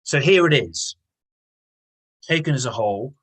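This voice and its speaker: A man's voice: mid-range voice, lively intonation, unhurried, a bit bright, slightly rough, low-quality recording. A man teaching an online English lesson. He explains patiently and repeats key words. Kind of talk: online lesson with reading aloud.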